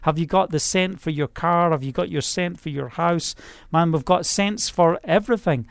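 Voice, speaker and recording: A man's voice: fairly high pitch, moderate pace, vocal fry, no echo, studio quality. A man preaching an informal online sermon, rambling and conversational, with many fillers and restarts.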